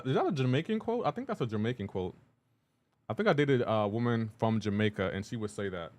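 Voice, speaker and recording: A man streaming live, chatting casually, greeting viewers by name, laughing often. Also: mid-range voice. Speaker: streamer reading chat.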